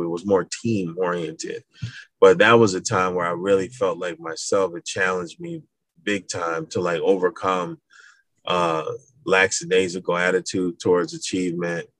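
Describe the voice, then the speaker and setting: A middle-aged man from Madison, Wisconsin, talking casually as an interview guest, animated storytelling. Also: deep voice, no room sound. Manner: animated, acts out voices in his stories, laughs. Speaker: guest, school founder.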